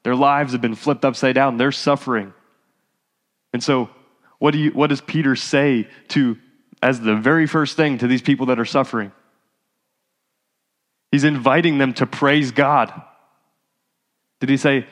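A man's voice: medium pitch, steady tone, unhurried, pauses often. A male pastor giving a sermon in a casual, conversational way that rises to fervent exhortation. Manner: conversational preaching, rising to exhortation. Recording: hall reverb.

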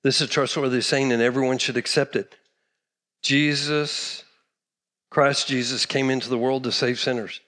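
A man's voice: mid-range voice, fairly even intonation, moderate pace, a bit bright. A middle-aged man from Texas, preaching a sermon emphatically and repeating key phrases. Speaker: pastor.

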